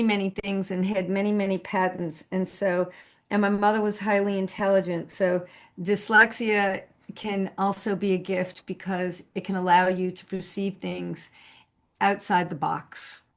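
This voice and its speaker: A woman's voice: medium pitch, little pitch movement, a little slow. Effusive woman host on a video call. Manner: warm, effusive, affirming.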